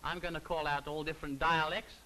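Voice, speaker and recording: A man acting as the straight man in scripted comedy banter, brisk and matter-of-fact. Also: fairly high pitch, level tone, bright, forceful tone, a little hiss or hum, poor audio.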